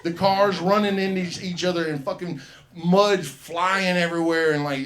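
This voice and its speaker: A man's voice: a little high, fairly even intonation, moderate pace, fairly bright tone. A man hosting an open mic, rambling through a profane story and acting out the voices in it. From US South. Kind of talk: stand-up storytelling. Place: comedy club stage.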